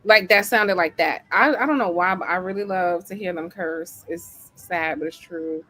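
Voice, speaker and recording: Husky chatty woman hosting. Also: fairly low pitch, normal speed. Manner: chatty and animated, laughs often. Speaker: host. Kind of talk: casual chat.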